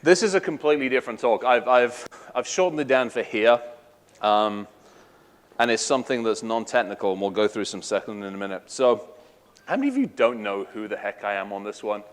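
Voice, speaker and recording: A man's voice: fairly low pitch, animated, a little fast. A middle-aged Welsh man giving a casual, irreverent conference talk, joking and swearing freely. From Wales. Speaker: conference speaker.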